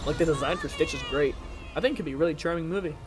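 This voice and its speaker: A man's voice: on the high side, very fast, background noise. A young man giving rambling, self-deprecating commentary while playing, his throat a little strained. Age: young adult. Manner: chatty, self-deprecating, jumps between topics. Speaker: gaming challenge streamer.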